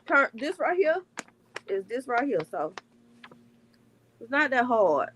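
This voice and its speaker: A woman's voice: a little high, big pitch swings, slow pace, fairly bright tone, slight background noise. A woman with a country American accent demonstrating crochet stitches on a livestream, explaining step by step and repeating her points. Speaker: crafter guest. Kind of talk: casual crafting demonstration.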